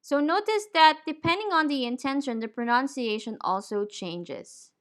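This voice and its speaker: A woman teaching English pronunciation, saying each word deliberately and clearly. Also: high-pitched, animated, fairly bright tone. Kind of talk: slow, careful pronunciation lesson.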